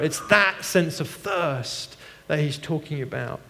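Pastor preaching in a reverberant hall. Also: male voice, a little high, unhurried, few pauses, a little hiss or hum. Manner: animated storytelling with laughs and shifts from hushed to loud. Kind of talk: sermon.

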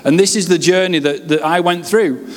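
A man in his late thirties from West Yorkshire, with a Yorkshire accent, preaching his personal testimony with humorous, lively storytelling. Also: on the high side, normal speed. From West Yorkshire, England. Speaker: pastor. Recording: reverberant hall.

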